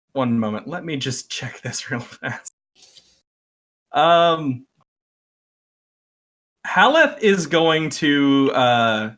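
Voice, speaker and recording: A man serving as game master, narrating the scene at an unhurried pace. His voice is bright and forward, and his talk is hesitant and full of fillers. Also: medium pitch. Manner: hesitant, lots of uh and um, chuckling.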